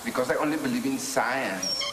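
A man's voice: mid-range voice, lively intonation, normal speed, natural voice. A man playing a defensive, irritated skeptic in a short skit video. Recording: echoey room with loud background noise.

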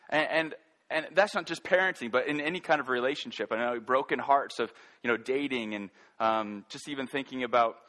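Earnest bright-voiced man preaching. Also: medium pitch. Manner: earnest, halting with frequent restarts. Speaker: pastor. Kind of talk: sermon.

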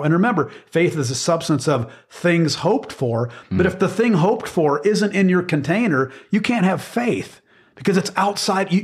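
Earnest man teaching scripture in conversation. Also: high voice. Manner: earnest, emphatic, repeats words while searching for phrasing.

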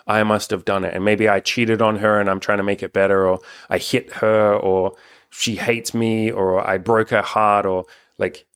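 Low-voiced, frank, swearing young man. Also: flat delivery, moderate pace, fairly bright tone, smooth. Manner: rambling, frank, swears often. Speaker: relationship coach and channel host. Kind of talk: casual couple's chat on camera.

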